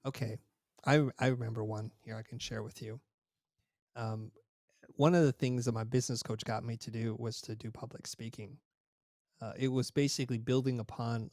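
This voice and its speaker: A man's voice: medium pitch, level tone, normal speed, a little mellow, no room sound, clean studio sound. A middle-aged man as an interview guest, telling reflective anecdotes and retelling dialogue in a conversational way. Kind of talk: interview storytelling.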